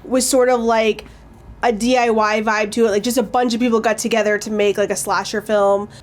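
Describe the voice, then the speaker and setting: Chatty woman with a higher voice. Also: flat delivery. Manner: quick, lots of "like" fillers. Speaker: podcast co-host. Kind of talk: casual chat reviewing movies.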